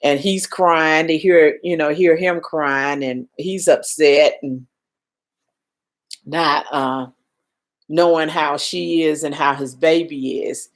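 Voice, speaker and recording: A shaken older woman hosts a casual live stream and speaks slowly in a lowish voice. She answers viewers' comments with reassurance while she tries to settle her nerves. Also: steady tone. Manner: emotional, reassuring, reads viewer comments aloud. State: shaken, calming down.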